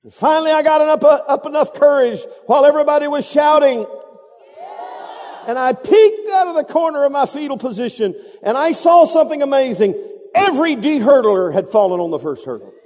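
High-voiced preacher in an echoing hall. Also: male voice, lively intonation, a little fast, darkish tone. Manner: dramatic storytelling with sound effects and repetition. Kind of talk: sermon. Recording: reverberant hall.

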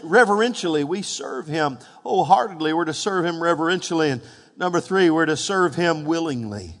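A man preaching a sermon, calling on the congregation to respond and rising to loud, emphatic peaks. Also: sits high, brisk. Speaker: pastor. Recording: hall reverb.

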